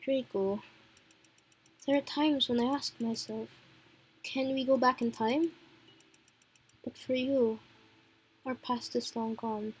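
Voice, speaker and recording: A woman's voice: fairly high pitch, fairly even intonation, takes it slowly, long pauses, breathy edge. A woman reading as an earnest, tender game heroine. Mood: wistful.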